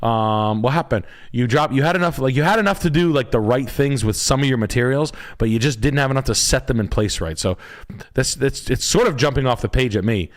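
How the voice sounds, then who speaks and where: A man's voice: mid-range voice, a little fast. A man hosting a live stream, giving blunt, profane critiques of house listings as a realtor.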